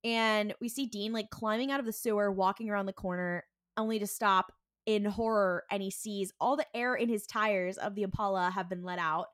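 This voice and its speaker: A woman co-hosting a podcast, recapping an episode in a casual, animated way, full of fillers and acted-out lines. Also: moderate pace, dry recording, studio quality. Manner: animated retelling with many fillers; acts out the characters' lines with sudden jumps in pitch. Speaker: podcast co-host.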